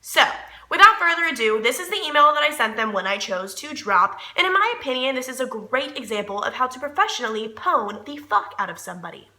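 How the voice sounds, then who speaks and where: A woman's voice: sits high, animated, brisk, pushed and bright. A young woman vlogger telling a story in a heated, profane, sarcastic rant. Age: young adult. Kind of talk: ranting storytime vlog. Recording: echoey room.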